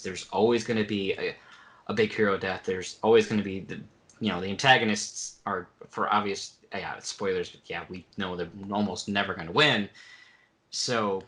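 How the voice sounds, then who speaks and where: A man's voice: lowish voice, pushed and bright. A man co-hosting a fan podcast, explaining his views earnestly. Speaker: podcast co-host. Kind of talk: casual fan discussion.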